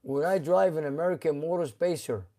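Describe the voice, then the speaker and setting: Mellow-voiced man hosting a garage live stream. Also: fairly high pitch. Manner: relaxed, halting, with many uh fillers. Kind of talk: casual live-stream chat reading viewer comments.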